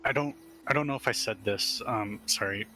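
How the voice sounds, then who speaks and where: A man playing a tabletop game, describing his actions in a slow, hesitant way, often laughing. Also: lowish voice, sharp tone, soft background music. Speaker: player. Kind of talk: casual tabletop play.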